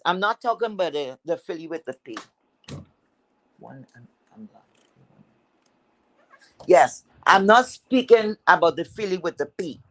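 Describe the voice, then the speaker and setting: A woman's voice: fairly low pitch, no room sound. Woman host with an accent, angry profane rant, lectures like a mock teacher, dry close sound. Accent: has a non-standard accent. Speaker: livestream host.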